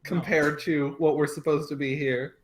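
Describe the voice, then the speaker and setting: A man's voice: fairly high pitch, level tone, moderate pace. Stumbling, joking man at the table. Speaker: player. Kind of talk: casual game chat.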